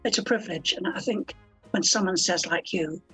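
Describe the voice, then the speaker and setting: An older woman, a podcast guest, talking in a warm, self-deprecating, effusive way with a husky voice. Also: fairly low pitch, moderate pace, soft background music, low-quality recording. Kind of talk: podcast interview.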